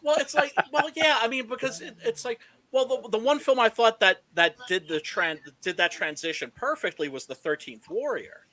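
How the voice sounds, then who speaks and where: A man's voice: very high-pitched, moderate pace, sharp tone. A man hosting a casual film discussion, emphatic and swearing freely, often checking in with "right?". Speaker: podcast host.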